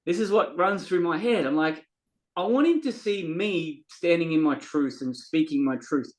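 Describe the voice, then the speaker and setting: A man's voice: a little high, lively intonation, moderate pace, low-quality recording. A man, a guest on a podcast, talking earnestly and from the heart in a casual, story-telling way, sometimes repeating words as he looks for them. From Australia. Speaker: podcast guest, men's coach.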